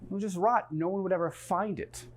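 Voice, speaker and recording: A man performing a threatening male street cop in a one-man comedy show, with loud, sneering questions. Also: high voice, brisk, pitched above the performer's own voice. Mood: menacing.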